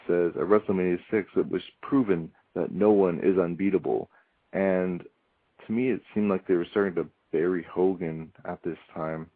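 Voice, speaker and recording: A man's voice: low-pitched, dry recording. A man hosting a casual solo podcast review, rambling with frequent ums and wry asides. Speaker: podcast host reviewing wrestling. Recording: tinny phone-like line, dry.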